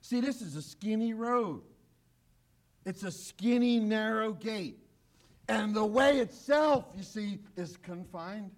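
A male pastor preaching a sermon, emphatic, repeating key phrases and often sinking to a hushed, low voice. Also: lively intonation, slow.

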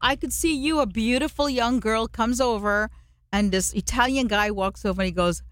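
Higher-pitched woman hosting a radio talk show. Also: normal speed, no echo. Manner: long run-on questions, summarizing for listeners. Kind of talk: radio interview.

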